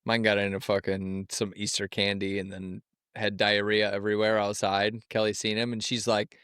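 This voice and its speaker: A man's voice: lowish voice, flat delivery, normal speed, fairly bright tone, smooth, dry recording, clean studio sound. A man co-hosting a podcast, telling crude stories and laughing often. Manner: profane, laughing storyteller. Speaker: podcast co-host. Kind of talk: crude casual chat.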